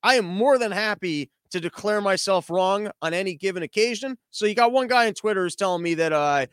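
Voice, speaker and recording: A man's voice: sits high, a little fast, fairly bright tone, clear, resonant tone, no room sound. A man hosting a comedic news show from his living room, ranting sarcastically with lots of swearing and exasperated rhetorical questions.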